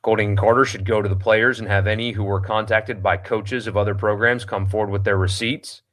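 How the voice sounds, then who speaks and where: A man hosts a sports talk show in a somewhat low voice. He reads listener comments aloud and shoots them down bluntly, stumbling through ums and restarts as he goes. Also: steady tone, brisk, fairly bright tone. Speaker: sports radio host. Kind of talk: casual chat reading listener comments.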